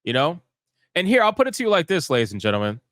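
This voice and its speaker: Fired-up guy ranting on his stream, swears a lot, high-ish voice that jumps all over, dry sound. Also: huge pitch swings, fast, fairly bright tone, no room sound. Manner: fired-up, profane and emphatic. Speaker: live stream host. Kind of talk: heated commentary rant.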